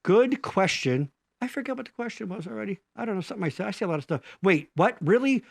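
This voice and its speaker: A man's voice: high-pitched, expressive, fast, creaky, no echo. A man co-hosting a live stream from his basement studio, rambling through crude jokes and mock-pleading bits. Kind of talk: crude comedic banter.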